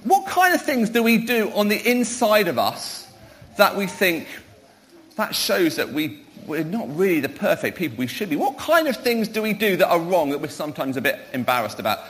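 A man's voice: sits high, very animated, normal speed, fairly bright tone. A middle-aged man, a pastor, giving a playful children's talk in church, quizzing the children and calling them up to help. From Wales.

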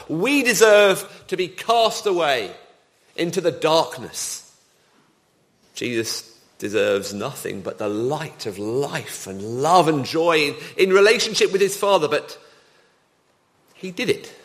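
A man's voice: on the high side, a bit bright. A man preaching a sermon with dramatic emphasis and rhetorical questions.

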